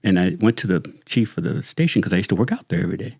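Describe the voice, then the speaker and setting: A middle-aged man, a retired sheriff's lieutenant, telling stories in a casual, animated way and saying "dude" often. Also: low-pitched, rapid-fire, vocal fry, husky, no room sound, studio quality. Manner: animated, slangy, says "dude" constantly. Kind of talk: casual storytelling chat.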